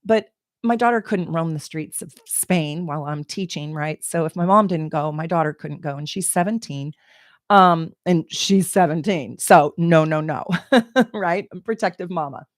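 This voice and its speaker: Animated, chatty woman telling a story. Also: low-pitched, moderate pace, no echo, clean studio sound. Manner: animated, emotional, laughs and exclaims. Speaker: astrologer and channel host. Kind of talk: casual personal storytelling to camera.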